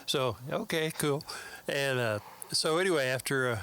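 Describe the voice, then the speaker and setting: A man's voice: medium pitch, moderate pace, fairly bright tone, a little hiss or hum. A man with a Texan accent, a guest in an interview, telling stories in a rambling, folksy way with many fillers. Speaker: interview guest, mastering engineer. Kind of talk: casual storytelling interview.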